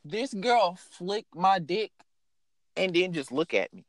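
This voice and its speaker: A young man telling a story in a casual, animated way, swearing freely and filling his speech with "like". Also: high voice, slow pace, no room sound. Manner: animated, profane, lots of fillers.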